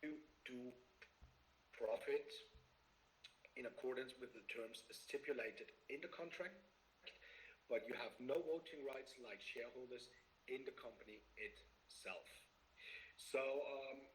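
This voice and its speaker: A man explaining as an expert guest in a webinar, speaking haltingly with frequent filler sounds and restarts. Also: mid-range voice, slight background noise, low-quality recording.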